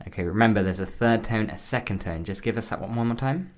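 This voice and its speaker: A man's voice: fairly low pitch, quick pace. A man co-hosting a language lesson podcast, asking questions and spelling out words letter by letter. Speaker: co-host.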